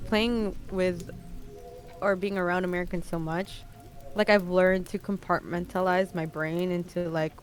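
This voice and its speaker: A woman who grew up in the Philippines and Canada, chatting casually on a stream and rambling through stories with frequent laughs. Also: on the low side. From Philippines, raised in Canada from age twelve.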